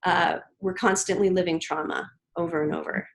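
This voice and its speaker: A woman's voice: lowish voice, fairly even intonation, vocal fry, rough recording. Earnest woman telling a story in an interview. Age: 30s. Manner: earnest, gentle, with frequent pauses and restarts. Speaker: podcast guest.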